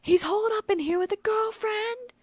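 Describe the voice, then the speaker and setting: A woman's voice: normal speed, dry recording. A woman voicing a frantic young female stalker who shrieks through a door in an audiobook. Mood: yelling frantically. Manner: shrill, yelling.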